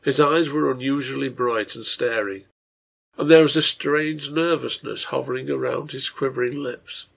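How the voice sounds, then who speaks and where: A man reads a translated serial novel aloud in a measured, earnest way. His voice is gravelly and somewhat husky, sitting at an ordinary middle pitch. He addresses the listener directly, like a storyteller. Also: fairly bright tone. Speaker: translator and narrator.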